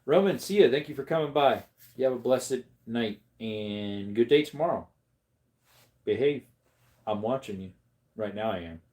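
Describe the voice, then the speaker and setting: Chatty man with a lively, swooping pitch. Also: normal speed, pauses often. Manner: rambling and chatty, breaks into high baby talk with his dog. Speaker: livestreamer. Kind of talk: casual livestream chat.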